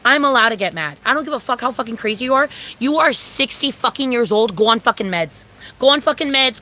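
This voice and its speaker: A woman's voice: on the high side, sharp tone. A young woman ranting casually and profanely to her viewers, heated and repetitive. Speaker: vlogger. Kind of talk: casual rant to camera.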